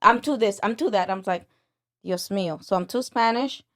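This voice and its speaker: A woman's voice: moderate pace, crowd noise. A woman in her forties in a casual podcast chat, talking animatedly and quoting people in a raised voice. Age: 40s. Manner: animated, quotes people in a high voice. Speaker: podcast guest.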